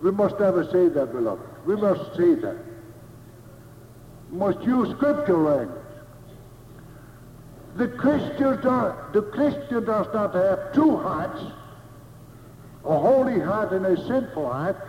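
Male preacher, high voice, deliberate sermon delivery, dull lo-fi sound. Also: very animated, a little hiss or hum. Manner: slow, emphatic, repeats key phrases. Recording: echoey hall, dull lo-fi sound.

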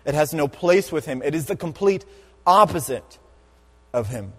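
A man delivers a sermon with emphatic, deliberate phrasing, drawing out and repeating key words. His voice sits a touch high for a man. The sound rings with the long reverb of a church hall. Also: animated, a bit bright. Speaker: preacher.

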